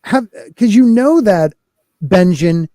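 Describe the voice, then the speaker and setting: A man's voice: sits high, animated, slow pace, dry recording, clean studio sound. Chatty man hosting a podcast. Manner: chatty, shouts out live chat viewers. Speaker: podcast host. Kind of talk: casual podcast chat.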